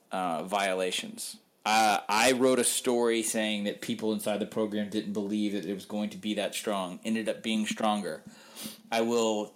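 A man working as a sports reporter, talking candidly in a casual podcast interview, rambling, with frequent ums. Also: on the low side.

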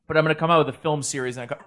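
A man's voice: a little high, a bit bright. A man, a radio host guesting on a podcast, chatting casually in a joking, laid-back way while he has hiccups. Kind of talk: casual chat.

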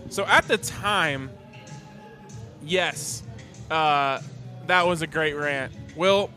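A man's voice: fairly high pitch, extremely slow, sharp tone, faint music behind. A man hosting a sports podcast in casual chat, asking the others questions and laughing through his own stories. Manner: laughing storyteller, leads the questions.

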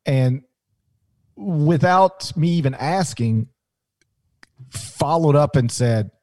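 A man chatting on a podcast, his voice mellow and warm in tone but swinging widely in pitch as he jokes and spins stories. The sound is dry and close, with no room around it. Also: takes it slowly, pauses often, no echo. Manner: animated, jokey storytelling with restarts. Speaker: podcast co-host, sports analyst. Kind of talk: casual podcast banter.

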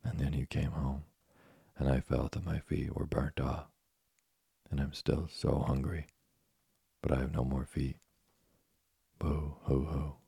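A man's voice: rumbling low, level tone, unhurried, long pauses, dark tone, no echo, clean studio sound, full character voice. A man voicing a hungry, spoiled wooden boy puppet in a storybook reading, whimpering and petulant. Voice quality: gravelly, husky.

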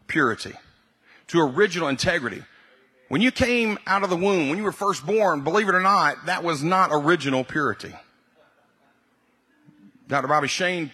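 A man preaching to his congregation in a husky, slightly high voice. He has a bright, pushing tone. He repeats his points for weight and climbs into loud, emphatic bursts. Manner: repeats key phrases for emphasis, builds to loud emphatic peaks. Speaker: pastor. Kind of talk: sermon.

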